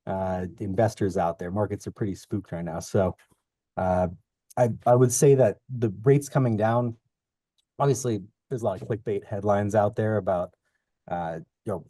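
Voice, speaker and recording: A man's voice: on the low side, steady tone, normal speed, warm tone, no room sound, clean studio sound. A young man co-hosting a podcast, rambling and long-winded in casual chat about the market. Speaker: podcast co-host.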